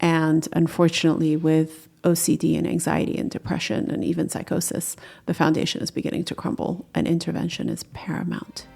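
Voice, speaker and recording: Gravelly low-voiced woman podcast host. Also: monotone, brisk, hardly any pauses, mellow. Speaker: podcast host and doula educator. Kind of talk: interview and scripted outro.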